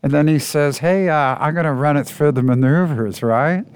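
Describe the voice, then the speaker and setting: A man co-hosting a casual podcast, telling a story at a relaxed, rambling pace with lots of "uh" fillers. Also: fairly high pitch, normal speed, clean tone, no room sound, studio quality.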